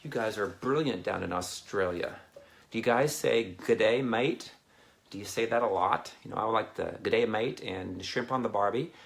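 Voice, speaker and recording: A man's voice: fairly low pitch, moderate pace, gravelly, a bit bright. A man chatting casually and rambling to viewers on a live video, often laughing between thoughts. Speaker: Christian ministry speaker.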